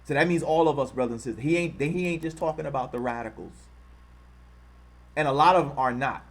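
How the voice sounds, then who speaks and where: A man hosting an online livestream reads items off his screen and comments on them, talking a little fast. He repeats himself often, mocks the voices he quotes, and turns loud and high-pitched when he gets heated.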